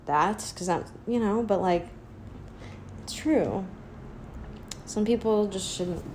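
A young woman giving a casual, sardonic opinion monologue as a podcast host. She rambles, leans heavily on "like," and slips into a mocking high baby voice when quoting others. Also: darkish tone, slight background noise. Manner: sardonic, rambling, heavy use of "like".

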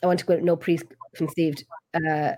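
A woman's voice: deep voice, little pitch movement, normal speed, dark tone. An Irish woman hosting a casual live-stream round table, chatting and reading out viewer comments. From Ireland. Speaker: host.

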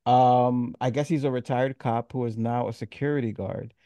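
A man's voice: medium pitch, fairly even intonation, moderate pace, mellow, no echo. A man hosting a casual movie review podcast, recapping scenes with fillers and laughs. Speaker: podcast host.

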